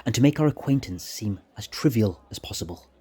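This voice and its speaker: A man's voice: on the low side, expressive, brisk, dark tone, slightly rough. A man voicing a sly, charming male plotter with a raised, theatrical delivery. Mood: conspiratorial.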